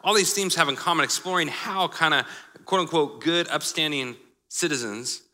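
A man's voice: on the high side, moderate pace, pushed and bright. A man preaching a sermon, joking and laughing at his own examples. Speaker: pastor. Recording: live sermon in a hall with long reverb.

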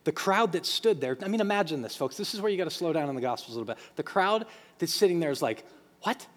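A man preaching a sermon as pastor, emphatic and animated, quoting scripture in acted voices. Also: on the high side, quick pace. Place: church sanctuary. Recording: long hall reverb.

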